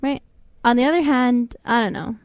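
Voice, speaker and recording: A woman's voice: fairly high pitch, normal speed, no room sound. A woman co-hosting a casual call-in talk show, rambling with frequent restarts and hesitations. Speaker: co-host. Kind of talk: casual chat.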